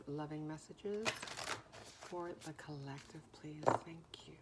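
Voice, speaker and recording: A woman giving a slow, musing oracle card reading, often pausing to listen and repeating words as they come to her. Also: low-pitched, heavy background noise.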